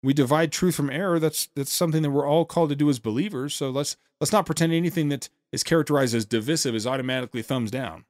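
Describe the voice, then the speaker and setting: A man's voice: on the high side, dry recording, studio quality. A man hosting a podcast, commenting critically and sarcastically on a speech, often stopping and restarting his sentences. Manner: sarcastic, with many halting restarts. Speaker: podcast host.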